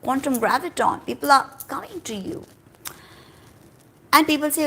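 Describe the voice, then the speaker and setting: Woman, spiritual teacher, casual emphatic delivery with drawn-out words. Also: high voice, lively intonation, vocal fry, sharp tone, slightly rough. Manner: emphatic, conversational, stretches key words for stress.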